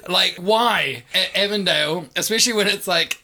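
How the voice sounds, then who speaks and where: A man's voice: high-pitched, normal speed, pushed and bright. A young man, co-hosting a podcast in blunt, sarcastic, sweary chat. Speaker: podcast co-host. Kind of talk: casual chat.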